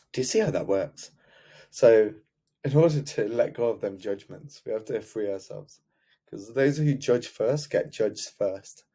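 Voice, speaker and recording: A man's voice: mid-range voice, warm tone. A man speaking as a love coach, giving an earnest, heartfelt motivational talk to camera and repeating key words.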